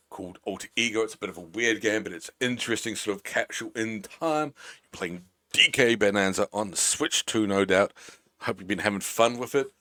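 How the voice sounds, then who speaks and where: A man's voice: lowish voice, sharp tone. A man from New Zealand with a Kiwi accent, chatting playfully as a game streamer on a live stream. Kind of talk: casual live-stream chat.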